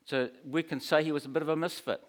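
A man's voice: on the high side, steady tone, fast. A man preaching a sermon in a conversational, storytelling way, with humorous asides.

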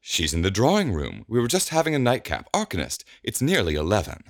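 A flustered wealthy estate owner protests at a late-night intrusion, as a man reading the story puts him on. His indignation pushes the voice a little higher than the narrator's deep tone, in dry close audio. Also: huge pitch swings, fairly quick, no room sound. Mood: indignant.

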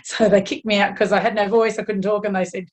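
A middle-aged Australian woman with a slightly croaky voice, chatting frankly and at length as a podcast guest. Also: medium pitch, level tone, fast talker. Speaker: guest runner. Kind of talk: casual chat.

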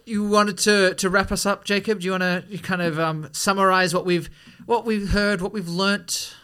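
A man co-hosting a casual podcast, chatting and telling a joke with lively acted-out voices. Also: sits high, normal speed, clear, resonant tone. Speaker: podcast co-host. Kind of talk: casual conversation.

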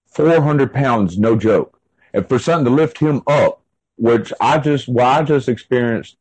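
A man's voice: medium pitch, a little mellow. A man with a mid-range voice tells a long personal story as an interview guest. He talks casually and rambles, leaning on fillers like "like" and restarting his sentences. The recording is dry, with no room echo.

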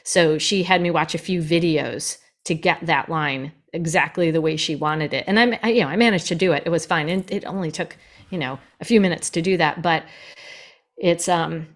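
Animated woman narrator talking shop. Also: low voice. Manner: fast, lively and animated. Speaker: audiobook narrator guest. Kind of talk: casual podcast conversation.

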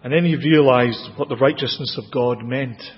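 A man with a Scottish accent preaching a sermon, expressive, with dramatic rises in pitch and volume. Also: moderate pace. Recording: dull, lo-fi with long hall reverb.

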